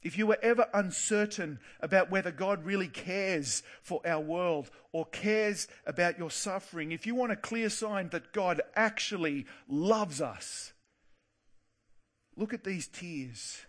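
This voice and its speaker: A man with a fairly high voice preaching a sermon in an earnest tone. He slows right down on the words he wants to stress. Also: a bit bright.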